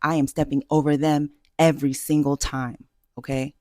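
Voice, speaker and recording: A woman's voice: sits low, little pitch movement, normal speed, darkish tone, dry recording, studio quality. A woman vlogger giving dating advice in a casual, self-assured way, emphatic and full of fillers and restarts. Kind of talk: casual talking-head advice.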